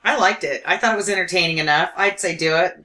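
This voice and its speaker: A woman co-hosting a casual movie podcast, explaining plots calmly and matter-of-factly. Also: on the low side, fast talker. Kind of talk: casual movie review chat.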